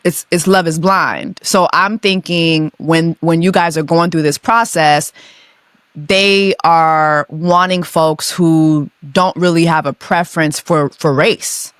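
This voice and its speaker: Slow, smooth-voiced podcast host. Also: female voice, low voice, fairly even intonation, no room sound, clean studio sound. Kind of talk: casual interview.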